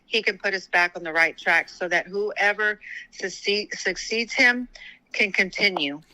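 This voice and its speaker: A woman's voice: medium pitch, unhurried, bright, forceful tone, low-quality recording. A woman guest talking politics in a casual, heated way, rambling with many fillers and restarts, tired after a long day.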